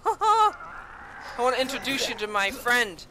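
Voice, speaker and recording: A woman giving casual gameplay commentary as a let's-play host, sarcastic and profane, with loud outbursts and taunts. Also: medium pitch, big pitch swings, slow pace, noisy background.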